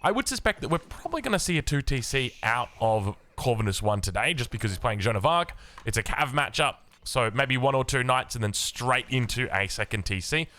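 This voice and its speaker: A young Australian man casting a strategy game match in upbeat, chatty play-by-play, his voice a little rough from the early morning. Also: medium pitch, lively intonation, fairly quick, pushed and bright. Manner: upbeat, chatty, with casual fillers. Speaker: game caster. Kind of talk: esports play-by-play commentary.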